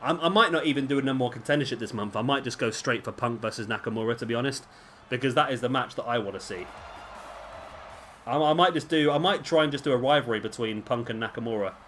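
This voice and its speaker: Speaking quickly in a mid-range, slightly bright voice, a man delivers casual let's-play commentary on a wrestling video game against slight background noise. The gameplay commentator is rambling and chatty, with self-deprecating asides, and he's drinking beer at home as he records.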